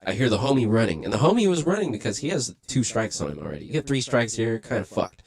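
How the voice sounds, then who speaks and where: A man hosting a livestream, casually telling a profane, animated story and acting out quotes along the way. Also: mid-range voice, fast, vocal fry. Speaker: livestream host.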